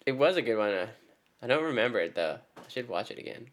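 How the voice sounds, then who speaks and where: A man's voice: mid-range voice, very animated, fast talker. A man co-hosting a casual gaming chat, mostly chiming in with short, laid-back agreements. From Canada. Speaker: co-host.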